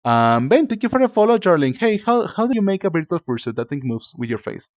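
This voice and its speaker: A man's voice: high voice, big pitch swings, fast talker, dry recording. A young man from Mexico, a native Spanish speaker with a Mexican Spanish accent, chatting casually with stream viewers, rambling with many fillers and calling them darling. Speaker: livestreamer.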